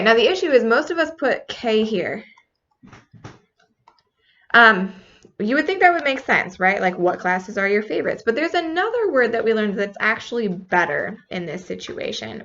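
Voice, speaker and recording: A woman's voice: mid-range voice, a bit bright. A woman walks her students through their mistakes in a casual, patient teaching voice. She spells words out letter by letter. The recording sounds slightly muffled. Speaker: Spanish teacher. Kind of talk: recorded classroom feedback lesson.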